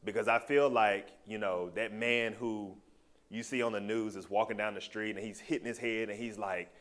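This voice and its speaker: A man sharing a personal testimony with a small group, telling his story in a loose, animated and heartfelt way. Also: fairly low pitch, moderate pace.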